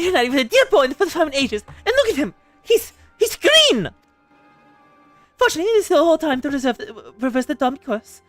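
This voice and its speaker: A man's voice: very high voice, a bit bright, dry recording, voice pushed up, exaggerated voice. Man voicing a fierce domineering mother. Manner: scolding, brisk and overbearing. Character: fierce middle-aged mother, pan-wielding and domineering. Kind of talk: reading game dialogue aloud in voices.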